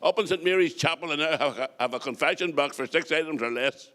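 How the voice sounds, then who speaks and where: A man's voice: a little high, background noise. A middle-aged man with a Northern Irish accent doing stand-up comedy, firing off jokes with chatty asides to the crowd. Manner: joke-telling, quick punchlines, chatty asides to the crowd. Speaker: comedian and compere.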